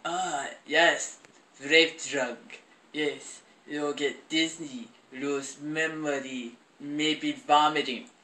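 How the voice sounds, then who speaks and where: A woman putting on a creepy male mad doctor with a bad fake German accent, speaking slowly and with sinister menace. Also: a little high, pushed and bright, roomy sound, slight background noise.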